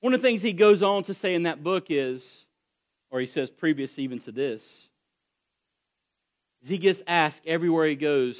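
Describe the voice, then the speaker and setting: A man's voice: a little high, expressive, normal speed, pauses often. A man preaching a sermon to his congregation, retelling a story with rising intensity and frequent restarts. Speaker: pastor.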